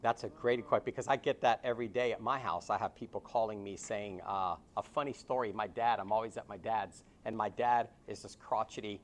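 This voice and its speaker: A man leading a real estate sales training, role-playing his pitch to home sellers and telling stories with animation. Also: brisk, hardly any pauses. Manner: animated storytelling.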